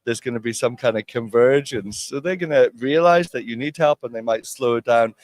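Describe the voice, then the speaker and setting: A man's voice: mid-range voice, moderate pace, no room sound. A man with a Glasgow Scottish accent patiently explaining and coaching in a casual interview. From Glasgow, Scotland. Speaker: conference guest discussing accents.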